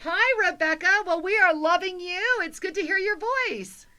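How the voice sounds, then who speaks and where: A woman's voice: extremely high pitch, normal speed, bright, forceful tone. A woman co-hosting a call-in spiritual radio show, effusive and affectionate with the callers.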